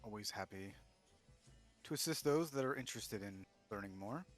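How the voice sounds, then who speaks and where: A man voicing a courteous school mage who speaks calmly and obligingly. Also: fairly low pitch, normal speed, faint music behind, pitched below the performer's own voice, natural voice.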